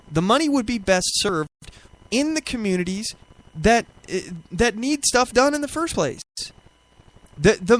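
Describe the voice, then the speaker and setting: A man's voice: high voice, a bit bright. A man hosting a political talk show, giving argumentative commentary with rhetorical questions and frequent restarts. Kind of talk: opinionated commentary.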